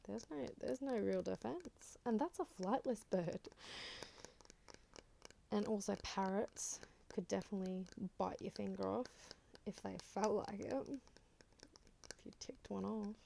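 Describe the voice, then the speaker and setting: An Australian woman chatting in a soft-spoken ASMR style, rambling and slipping in and out of a whisper. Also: medium pitch, a little slow, vocal fry, long pauses, a little hiss or hum. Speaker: ASMR creator.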